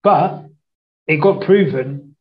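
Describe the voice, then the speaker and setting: A podcast host chatting casually, unhurried and halting, often restarting phrases and laughing. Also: medium pitch, dull audio. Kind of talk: casual chat about motor racing.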